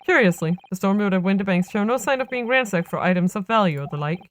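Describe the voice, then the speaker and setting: A woman's voice: mid-range voice, animated, quick pace, slight background noise, natural voice. A woman voicing an earnest young male defense lawyer who reasons things through aloud, reading game dialogue on a stream.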